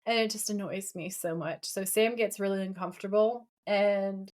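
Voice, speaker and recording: A woman's voice: mid-range voice, steady tone, moderate pace, a little mellow. A woman co-hosting a podcast, chatting casually as she recaps a TV episode and reads out lines from it. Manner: retells scenes by reading out lines, with many fillers. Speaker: podcast co-host.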